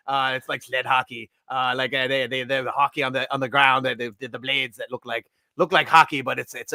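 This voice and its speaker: A man hosting a live fan stream, talking in an excitable, rambling way with frequent restarts. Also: medium pitch, creaky, no echo, clean studio sound. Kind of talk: excited casual fan commentary.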